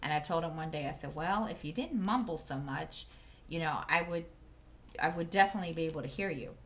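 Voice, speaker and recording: Speaking into a desk microphone, a woman with a low, brisk voice chats casually to her channel while diamond painting. She rambles through a story full of fillers and restarts.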